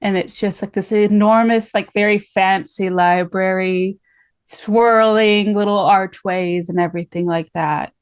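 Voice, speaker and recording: A woman's voice: mid-range voice, fairly even intonation, a little slow, smooth, no echo. A woman player describing her character in a tabletop game, hesitant, with many "like"s, and losing her voice. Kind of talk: casual tabletop game chat.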